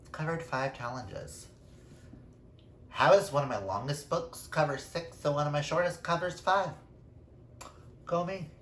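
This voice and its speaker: A man's voice: on the high side, unhurried, long pauses, a bit bright, slight background noise. A man chatting casually through a book wrap-up, self-deprecating, with playful asides. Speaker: book reviewer. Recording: roomy echo.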